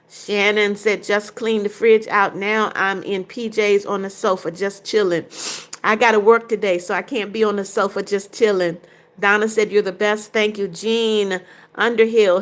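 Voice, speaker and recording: An older woman hosts a casual livestream, reading viewers' comments aloud one after another. She answers each one briefly in her own everyday voice, at a middling pitch. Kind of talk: casual live chat.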